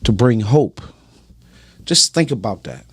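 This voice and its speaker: A man's voice: lowish voice, very animated, a little slow, slightly rough, no echo. A man giving emphatic, preachy personal testimony on a podcast, often asking "right?".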